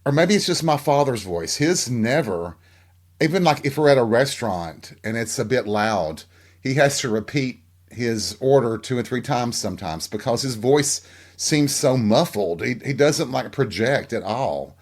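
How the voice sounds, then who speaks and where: A middle-aged man hosting his own podcast alone, talking at an ordinary pitch for a man. He muses aloud in a loose, candid way, wanders between thoughts and keeps turning to his listeners with rhetorical questions. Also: expressive, unhurried. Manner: reflective, rambling, frank, asks listeners rhetorical questions. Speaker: podcast host. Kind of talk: candid solo podcast monologue.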